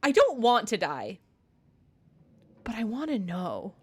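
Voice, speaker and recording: Giggly woman streamer, reads game narration then riffs on it, lively pitch. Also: slow pace, husky. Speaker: let's-play streamer. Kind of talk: casual game playthrough, reading game text aloud.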